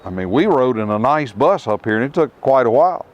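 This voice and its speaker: A middle-aged man teaching scripture outdoors to a tour group, emphatic, with rhetorical questions and dramatic pauses. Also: medium pitch, very animated, highs cut off. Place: outdoors at ruins.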